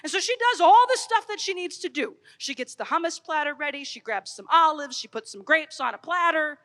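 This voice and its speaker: A woman in her thirties giving an expressive, storytelling talk to a youth conference, swinging from loud to hushed. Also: high voice, brisk, long reverb tail. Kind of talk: animated Catholic youth talk. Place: large hall.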